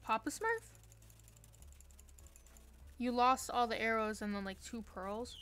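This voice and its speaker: A woman's voice: on the high side, takes it slowly, fairly bright tone. Playful young woman streamer, self-mocking. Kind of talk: casual live-stream chat while gaming. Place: her room.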